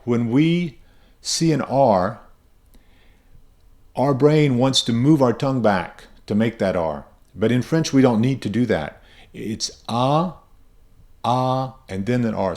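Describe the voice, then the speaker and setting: A man's voice: medium pitch, a little mellow. A man teaching pronunciation, patiently explaining and repeating example sounds, a native English speaker. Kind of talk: explanatory lesson with spoken examples.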